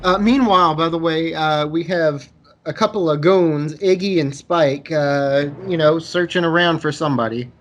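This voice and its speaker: A man's voice: fairly high pitch, normal speed, a little hiss or hum. A man co-hosting a casual movie review podcast, easygoing and hesitant, full of fillers. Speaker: podcast co-host. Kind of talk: casual movie review banter over beers.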